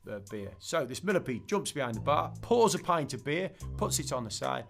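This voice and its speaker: A middle-aged man talks easily as a podcast guest, rambling through answers and acting out a long joke in changing voices. Soft music plays faintly behind him. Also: a little high, brisk, gravelly. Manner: chatty, tells jokes with lively voiced characters. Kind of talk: casual interview chat.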